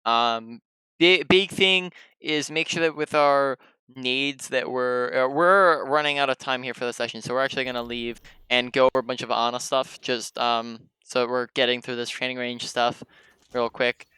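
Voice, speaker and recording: A man's voice: mid-range voice, fairly even intonation, moderate pace, sharp tone, clean tone, dry recording. A man coaching a player through a gameplay review, explaining at length with frequent ums and restarted sentences. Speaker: game coach.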